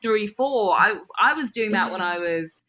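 A bright-voiced woman from England talks in an easy chat. Her English accent carries a touch of American. Her pitch swings up and down as she tells her stories. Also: a little slow, a little hiss or hum. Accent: English with an American tinge. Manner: animated, expressive storyteller. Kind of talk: casual chat.

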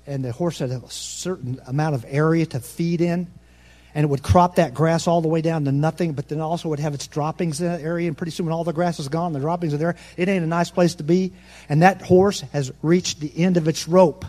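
A pastor preaching a sermon, nervous and fast-talking, with folksy asides that swing between soft remarks and loud, ringing proclamation. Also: male voice, fairly high pitch. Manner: folksy, self-deprecating asides.

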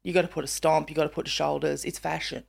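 A woman's voice: low voice, fast talker, vocal fry, husky. A woman from Queensland with an Australian accent, hosting a casual podcast chat and acting out the voices of the people she quotes. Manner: animated, acts out quoted voices. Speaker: podcast host.

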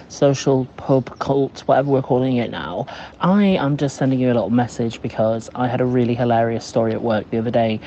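A man's voice: mid-range voice, warm tone. A man leaving a chatty, amused voice message telling a story from work. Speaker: caller leaving a voice note. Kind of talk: recorded voice message. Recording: dull lo-fi voice note with faint hiss.

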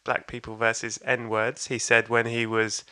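A man's voice: medium pitch, monotone, a little slow, bright, forceful tone, smooth. A man, a comedian, telling a story in casual chat, laughing often and acting out voices. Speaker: stand-up comedian guest.

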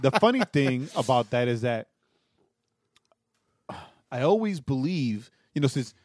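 A man's voice: medium pitch, very animated, a little slow, a little mellow, dry recording, studio quality. A man co-hosting a podcast in casual chat, who laughs often and chimes in to agree. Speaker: podcast co-host.

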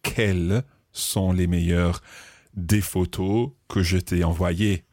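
A man co-hosting a language lesson podcast, explaining grammar slowly and spelling out words in a casual bilingual chat. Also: low-pitched, steady tone, darkish tone, dry recording, clean studio sound.

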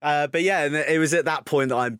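A man's voice: on the high side, fairly even intonation, brisk, fairly bright tone, smooth, no room sound, clean studio sound. A man hosting a rugby podcast, telling stories with lots of banter. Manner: banter-heavy storytelling, mimics others. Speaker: podcast host. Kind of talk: casual chat.

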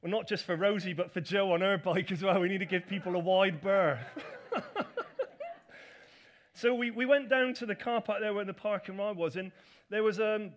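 A man's voice: high-pitched, normal speed. A middle-aged man, a pastor, telling a personal story in a chatty, self-deprecating sermon with asides to his congregation.

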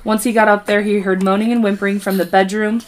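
A woman's voice: mid-range voice, flat delivery, fast. A woman co-hosting a podcast, reading a true crime case aloud in a casual way, stumbling over words and adding asides. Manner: reads from notes with stumbles and asides.

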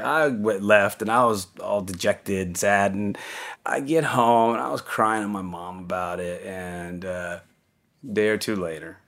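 Low-voiced older man telling stories. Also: a bit bright. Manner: rambling, with many fillers and restarts. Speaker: interviewee recalling his music-business career. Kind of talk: casual storytelling.

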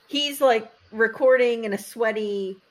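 A woman's voice: a little high, a little slow. A woman co-hosting a podcast, recapping a reality show in a casual chat and acting out the quotes with lots of "like". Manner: animated storytelling, acting out quotes, frequent "like".

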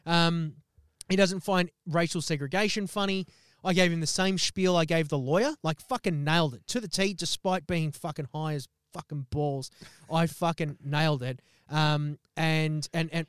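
A man's voice: a little high, clear, resonant tone, dry recording, studio quality. A young man co-hosting a podcast, telling a story in casual chat, swearing often and acting out quotes. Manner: swears constantly, animated retelling with acted quotes. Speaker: podcast co-host.

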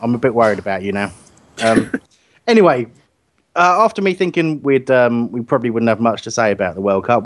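A man hosting a casual football chat, rambling and laughing often. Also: on the low side. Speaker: podcast host.

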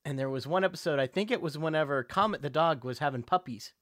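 A man who is a voice actor, a guest in a casual interview, telling animated stories and slipping into character voices. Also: a little high, fast talker, no room sound, clean studio sound.

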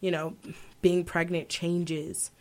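A woman's voice: on the low side, flat delivery, slow pace. A woman in her twenties, an aspiring opera singer, answering interview questions thoughtfully, with many fillers and self-corrections. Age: 20s.

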